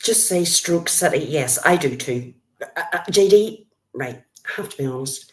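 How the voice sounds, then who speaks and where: A woman's voice: sits low, lively intonation, moderate pace. A middle-aged Northern Irish woman chatting on a live stream, greeting viewers by name and calling them love. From Northern Ireland.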